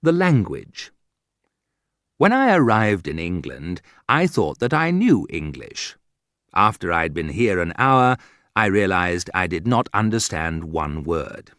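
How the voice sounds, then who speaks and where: A man reading a humorous book aloud in a dry, wry manner, with sudden lifts in pitch. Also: big pitch swings, takes it slowly, a bit bright, no room sound. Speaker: audiobook narrator. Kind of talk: scripted humorous narration.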